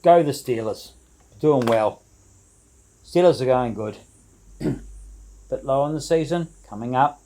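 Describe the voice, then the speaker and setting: A man's voice: medium pitch, takes it slowly, long pauses, dark tone, slight background noise, rough recording. A man chatting casually to his viewers from his home brew shed, rambling and hesitant, full of fillers and restarts. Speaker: home brewer. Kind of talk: casual vlog chat to viewers.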